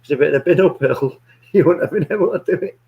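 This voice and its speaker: Brief: football fan, loud teasing banter, swears a lot, laughs often. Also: male voice, on the high side, animated, fast, creaky, narrow, tinny audio. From England. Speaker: co-host of a football watch-along. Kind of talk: casual chat.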